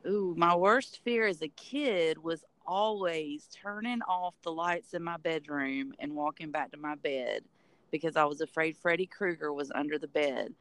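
A woman speaks with a smooth, clear tone in a close, dry recording. She tells her story in a relaxed, unfussy way, as a mother being interviewed at home for a small podcast. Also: sits low, moderate pace, no echo. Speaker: interview guest, host's mother. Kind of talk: casual interview answer.

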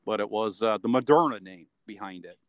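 A man with a lowish voice talks fairly quickly on a dry, muffled recording with no room sound. Being interviewed, he gives a casual, rambling account littered with fillers.

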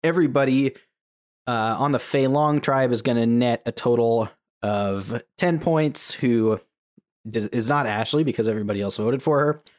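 A man hosting a casual podcast, leading picks and scores in a relaxed, joking way. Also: medium pitch, normal speed. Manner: laid-back, joking, leads the segments. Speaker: podcast host.

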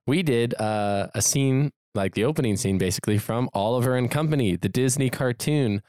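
A man co-hosting a casual podcast, easygoing and recalling things out loud as he talks. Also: medium pitch, moderate pace, no room sound, clean studio sound. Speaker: podcast co-host. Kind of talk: casual chat.

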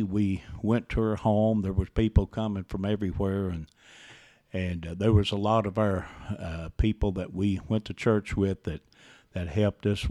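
Man, interview guest, low-ish voice, halting delivery with many pauses. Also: darkish tone. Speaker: interview guest, grieving father. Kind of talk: casual interview, recounting personal loss.

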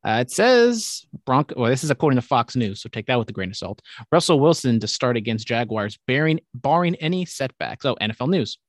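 A young man talks through football picks on a casual podcast, rambling and dropping swear words. His voice sits at an ordinary pitch. The sound is dry and close, with no room around it. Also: expressive, no echo. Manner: rambling, profane, quick asides. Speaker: podcast host. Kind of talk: casual sports chat.

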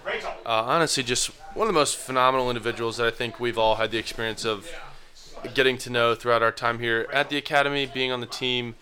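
A man's voice: medium pitch, fast, sharp tone. A young man co-hosting a casual chat, tossing in dry teasing remarks. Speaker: podcast co-host.

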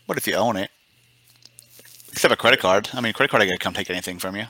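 A man's voice: fairly low pitch, very fast, bright, forceful tone, no echo. A man co-hosting a podcast, casually dismissing politicians in a blunt, wry, cynical way. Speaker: podcast co-host.

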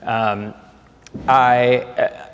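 A man's voice: mid-range voice, level tone, extremely slow, lo-fi sound. A young man with a Minnesotan accent, chatting casually as a podcast guest and rambling through restarts. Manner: rambling, with many restarts and fillers. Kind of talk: casual conversation. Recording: reverberant room with faint ambient noise.

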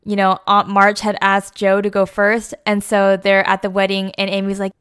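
A woman's voice: medium pitch, completely flat delivery, moderate pace, fairly bright tone, smooth. A young woman talking casually through a movie review, chatty and full of fillers like "like" and "you know.".

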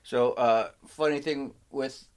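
A man's voice: medium pitch, takes it slowly, smooth. A man telling a long, rambling personal story in casual chat with a friend, stopping and restarting his sentences. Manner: rambling, animated anecdote with self-interruptions. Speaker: podcast co-host telling a story.

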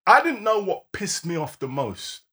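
A young man, co-hosting a casual podcast chat, talking in loud, slang-heavy bursts. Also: high voice, big pitch swings, moderate pace, a crowd in the background. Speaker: podcast co-host.

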